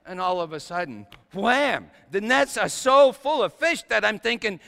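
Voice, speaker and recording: Very high voiced man preaching a funny story monologue, wry, long hall echo. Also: animated, moderate pace, creaky. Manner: wry storytelling, shifts from quiet to loud. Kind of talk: comic first-person sermon monologue.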